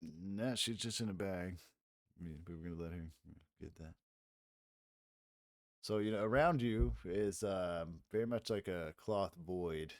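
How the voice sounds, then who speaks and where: A man's voice: deep voice, unhurried, no echo, studio quality. A man acting as game master, narrating a tabletop game in a loose, rambling way with frequent chuckles.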